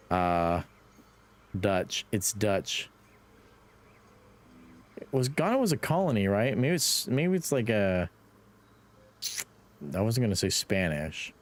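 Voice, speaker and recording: A man's voice: fairly low pitch, big pitch swings, slow pace, pauses often. A young Irish man streaming a game live, talking to his chat, playful and swearing, laughing at his own wrong answers. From Ireland.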